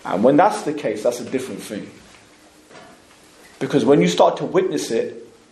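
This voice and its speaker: A man's voice: on the high side, darkish tone. A man teaching an informal religious lesson in a loose, conversational way, often stopping to ask whether listeners follow. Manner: keeps checking understanding with tag questions. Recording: echoey room.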